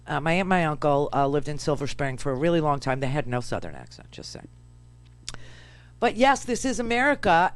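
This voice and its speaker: A woman from New York hosting political talk radio, sarcastic and animated, full of rambling asides. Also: sits low, no echo.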